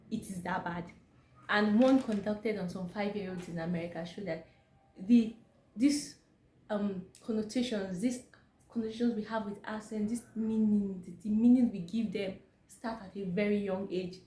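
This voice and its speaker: A woman's voice: mid-range voice, dark tone, a little hiss or hum. A young Nigerian woman with a Nigerian accent, talking casually to camera as a vlogger, emphatic and leaning on "like" as she explains. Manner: chatty, emphatic, leans on "like". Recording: echoey room with faint background ambience.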